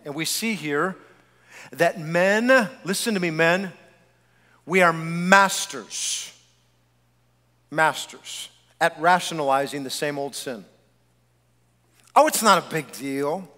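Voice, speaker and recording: High bright guy preaching in a big church, reverb ringing off the hall, lively and jokey with the crowd. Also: slow pace, pauses often. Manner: animated, joking preacher speaking straight to the congregation. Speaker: pastor. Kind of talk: sermon. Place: church sanctuary.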